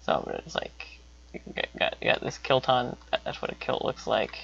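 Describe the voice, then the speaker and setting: A young man telling a casual story about himself in a rambling way, repeating words and breaking into sudden high exclamations. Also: wildly swooping pitch, normal speed, creaky, fairly bright tone, slightly rough. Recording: dull lo-fi recording.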